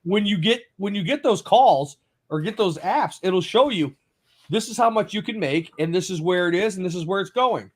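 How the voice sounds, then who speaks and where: Host, male, high animated voice, laughing storyteller in casual chat. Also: normal speed. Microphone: own mic at home.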